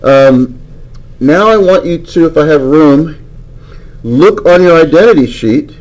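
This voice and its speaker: A man's voice: a little high, lively intonation, unhurried, darkish tone, rough recording. A man teaching a math class, lecturing and coaxing answers from students with frequent questions.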